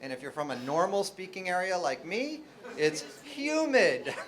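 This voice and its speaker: An American man from New Jersey lecturing as a linguistics professor, with a voice pitched a little above most men's. He keeps the audience engaged with jokes and rhetorical questions and sounds out example words one by one. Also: a little fast. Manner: lively, joking, full of rhetorical questions to the audience. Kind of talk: academic lecture to a live audience.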